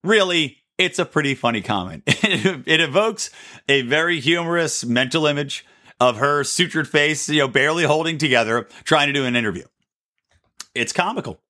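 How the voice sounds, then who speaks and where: A man hosting his own podcast, talking through his opinions in a sarcastic, animated solo monologue and laughing at his own jokes. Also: fairly high pitch, normal speed. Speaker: podcast host.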